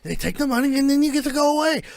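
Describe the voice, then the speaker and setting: A man voicing a short, frumpy, pushy male bar owner with a rough voice in a tabletop game. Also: expressive, racing, no echo, studio quality, full character voice. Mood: panicked. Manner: loud, insistent, high and strained. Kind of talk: tabletop role-play.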